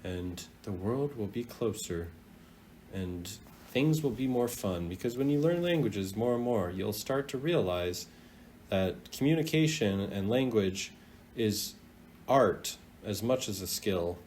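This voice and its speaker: A man teaching a casual video language lesson, chatty and animated, drawing out sounds as he demonstrates them. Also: fairly low pitch, a little hiss or hum. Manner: lively, chatty, drawn-out demonstration of tones.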